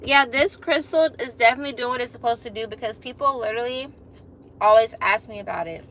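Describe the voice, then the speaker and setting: A woman in her twenties hosts a casual phone live stream for her viewers, laughing often and repeating herself. Her voice is a little high, fast and a bit bright. A little hiss or hum sits in the background.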